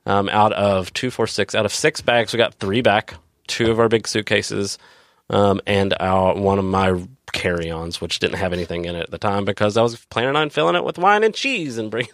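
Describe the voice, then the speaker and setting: A man speaking as a guest in a relaxed, storytelling way. His voice sits low and he rambles, stopping and restarting often. The sound is dry, with no room echo. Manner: rambling, many fillers and restarts. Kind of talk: casual storytelling.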